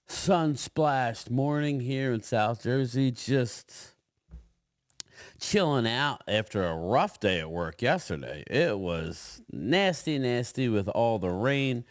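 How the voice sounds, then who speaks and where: A middle-aged man hosting a casual solo sports chat, talking in a loose, rambling way with frequent pauses and restarts. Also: mid-range voice, no room sound, studio quality. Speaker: host.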